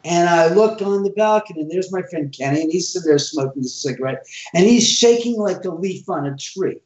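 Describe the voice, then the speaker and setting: A man telling an animated first-person ghost story in casual talk, acting out the dialogue as he goes. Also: high voice, a little fast. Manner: animated, acts out quoted dialogue. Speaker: homeowner telling ghost stories. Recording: roomy, distant, dull sound.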